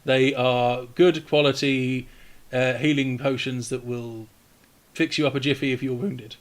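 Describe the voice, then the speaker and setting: A man running a live tabletop game as dungeon master, chatty and laughing between quick rulings. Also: medium pitch, fairly even intonation.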